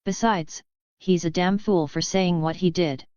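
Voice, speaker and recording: A woman reading the part of a confident, smirking young male warlock who speaks calmly and firmly. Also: on the low side, unhurried, smooth, no echo, highs cut off, natural voice. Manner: calm, firm, knowing.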